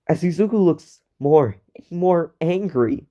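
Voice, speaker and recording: A man's voice: on the high side, unhurried, pauses often, darkish tone, muffled recording. A young man narrating an amateur fan story in a rambling way, correcting himself as he goes.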